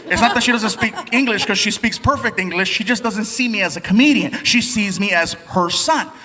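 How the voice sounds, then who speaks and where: A man performing an animated stand-up comedy set on a theater stage, telling stories and slipping into voices. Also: high-pitched, brisk, long reverb tail. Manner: animated storytelling with put-on voices. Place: theater stage before a live audience. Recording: live theater with loud crowd laughter.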